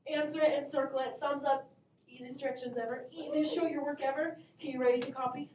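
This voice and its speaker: A woman's voice: sits high, fairly even intonation, fast talker, background noise. A woman math teacher teaching her class, upbeat and encouraging, calling on students by name. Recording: echoey classroom from far off.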